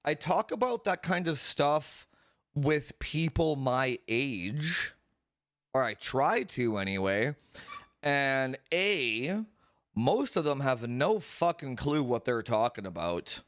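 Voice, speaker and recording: A man's voice: mid-range voice, very animated, takes it slowly, fairly bright tone, dry recording. Profane ranting young man, dry sound. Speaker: streamer. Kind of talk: casual stream chat.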